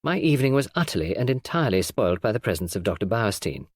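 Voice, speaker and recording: A man narrating a classic novel in a measured storytelling read. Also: on the low side, big pitch swings, slightly rough, dry recording, studio quality. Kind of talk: audiobook narration.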